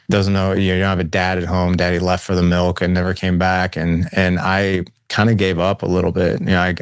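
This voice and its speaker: A man's voice: low voice, clear, resonant tone, no echo, studio quality. A man in his forties, a podcast guest telling his life story in a casual way, using "man" and "like" often. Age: 40s. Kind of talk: storytelling in conversation. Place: Saint Louis.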